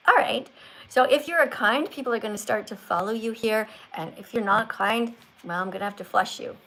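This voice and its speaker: A woman's voice: a little high, fairly quick, pushed and bright, poor audio. An older woman hosting a live stream, talking like a strict teacher who corrects and lectures. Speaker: livestream host.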